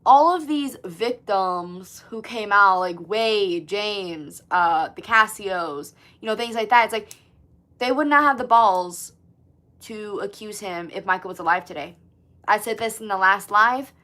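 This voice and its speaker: Woman, 20s, livestream host. Casual, profane, animated chat with viewers. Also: mid-range voice, measured pace. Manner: chatty, swears often, lots of "like", animated.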